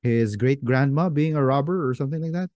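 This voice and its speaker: Man, podcast moderator, casual chat, stammers, warm mellow voice. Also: medium pitch, no echo. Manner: stammers and restarts, drawn-out phrasing. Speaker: podcast co-host leading the discussion.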